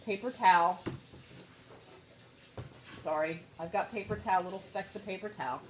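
A middle-aged woman leads a relaxed craft tutorial from her home, talking straight to her viewers. Her voice is bright and forward, and she keeps a chatty tone. A faint noise sits behind the recording. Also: medium pitch. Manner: chatty, addresses viewers as "you guys", laughs often. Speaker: craft demonstrator. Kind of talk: casual live craft tutorial.

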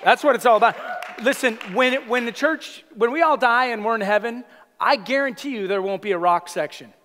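A male senior pastor preaching a sermon in a church sanctuary, conversational and animated, with playful asides to the congregation. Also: extremely high pitch, a little fast, long reverb tail, a little hiss or hum. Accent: Californian.

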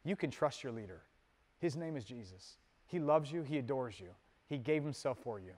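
A man preaching a sermon as pastor, moving between loud emphatic peaks and soft, low asides in a conversational manner with casual fillers. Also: animated, moderate pace. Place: church sanctuary. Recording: long hall reverb.

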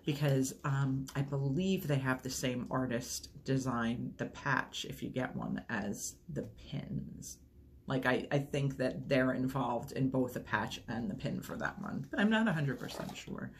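A woman's voice: extremely low pitch, a little slow, a little hiss or hum. A woman chatting casually through an unboxing video, rambling and gushing over each item. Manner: enthusiastic, gushing. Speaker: unboxing vlogger.

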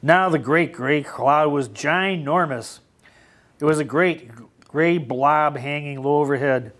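A man's voice: on the high side, takes it slowly. A man reading a picture book aloud to children in a library and asking them questions as he goes. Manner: animated, asks children questions. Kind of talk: children's storytime read-aloud.

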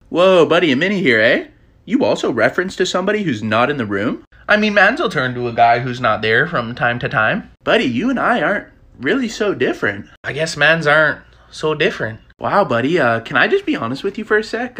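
Bright, lively man. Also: on the high side, fairly quick, breathy edge. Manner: mock-casual banter in local slang. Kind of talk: comedy sketch.

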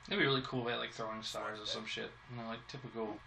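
A man's voice: lowish voice, fairly even intonation, racing, vocal fry, noisy background. A man giving casual let's-play commentary, frustrated and swearing constantly as he talks to himself. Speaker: gameplay commentator.

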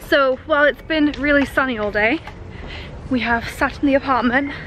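A woman's voice: high voice, moderate pace, a bit bright, slight background noise, low-quality recording. A young woman in her twenties chatting casually to camera in a vlog, bubbly and rambling. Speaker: vlogger.

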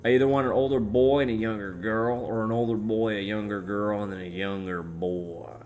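A young man casually chatting on a live stream, reading chat aloud and rambling with relaxed swearing. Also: fairly low pitch, normal speed.

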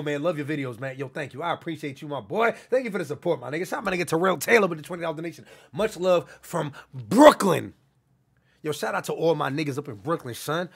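On a live stream, a young New York man reads out donations in quick, casual chat, shouting out donors loudly and with hype in heavy street slang. His forceful, gravelly voice has a rough, raspy edge and sits a little high for a man.

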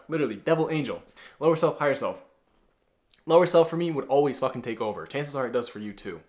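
A man's voice: mid-range voice, lively intonation, fast, a little mellow. A blunt man talks straight to the camera like a self-improvement coach. He swears freely, speaks in a mid-range voice, and keeps calling the listener bro. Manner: blunt and profane, calls the viewer "bro". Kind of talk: casual motivational talk to camera.

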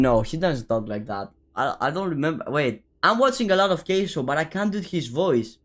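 A young man giving casual, slangy commentary while playing a game, excitable and calling everyone bro. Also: a little high, moderate pace, hardly any pauses. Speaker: gaming streamer.

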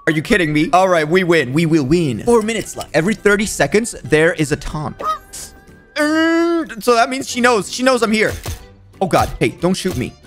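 A man's voice: high voice, sing-song, moderate pace, fairly bright tone, soft background music. A young man giving frantic, jokey commentary while playing a video game, often panicking and pleading. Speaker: gaming YouTuber. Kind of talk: gameplay commentary.

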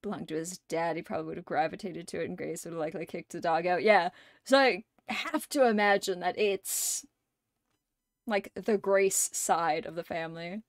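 A young adult woman streamer in casual chat, gushing like an excited fan and swearing and laughing often. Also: lowish voice, normal speed, creaky, no room sound, studio quality.

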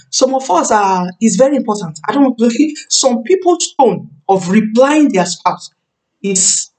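A woman in her thirties preaching a sermon on marriage, emphatic, repeating key phrases and slowing down to stress words. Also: a little high, lively intonation, darkish tone. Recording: voice a bit far from the mic.

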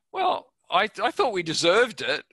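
An older Australian man being interviewed, telling a chatty anecdote and chuckling at his own story. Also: high voice. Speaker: interview guest.

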